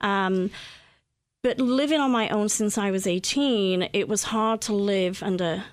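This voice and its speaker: A middle-aged woman with a Welsh accent talks as an interview guest, her speech chatty and loose, full of ums, "you know"s and restarts. Her pitch sits in an ordinary middle range. The sound is dry and close, with no room echo. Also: measured pace. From Wales. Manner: chatty, with many fillers and restarts. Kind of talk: conversational interview.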